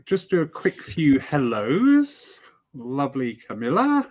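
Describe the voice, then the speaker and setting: A man's voice: on the high side, huge pitch swings, slow pace, a little mellow. Chatty, rambling male host. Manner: chatty and rambling, with playful asides. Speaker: spiritualist service leader. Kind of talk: casual live-stream chat.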